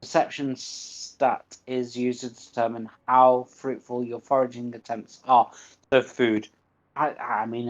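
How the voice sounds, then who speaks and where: A man chatting his way through a game on a livestream, in an unhurried, drawn-out delivery. He jokes at his own expense and reads the game's tooltips aloud, and the audio is slightly dull and lo-fi. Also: medium pitch, steady tone. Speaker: gaming streamer. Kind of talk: casual livestream game commentary.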